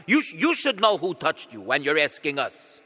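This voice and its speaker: A man's voice: on the high side, wildly swooping pitch, moderate pace, sharp tone, big-room sound, pitched above the performer's own voice, exaggerated voice. A man acting out an exasperated crowd of followers, questioning indignantly and incredulously.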